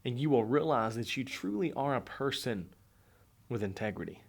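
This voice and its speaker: A man's voice: mid-range voice, animated, moderate pace, creaky. A man speaking as a motivational coach, talking earnestly and conversationally and repeating phrases for emphasis. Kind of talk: motivational monologue to camera.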